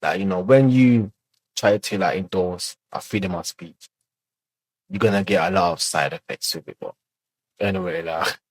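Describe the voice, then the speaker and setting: A man hosts a reaction video, talking loosely with lots of fillers and swearing. His voice sits a bit low. The sound is close and dry. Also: moderate pace, dry recording. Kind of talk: casual commentary.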